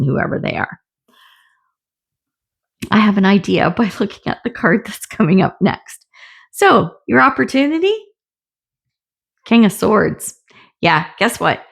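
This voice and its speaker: A woman's voice: medium pitch, gravelly, slightly rough. A middle-aged woman giving a casual tarot reading, chatty and often laughing, with the odd swear word. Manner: chatty, laughing, swears, acts out little voices. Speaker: tarot reader.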